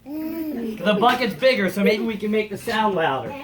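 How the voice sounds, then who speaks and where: A woman's voice: mid-range voice, normal speed. A woman presenting a children's science show, coaxing the young audience to join in. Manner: animated, coaxing audience participation. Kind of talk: lively interactive demonstration for kids. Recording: noisy home video recording.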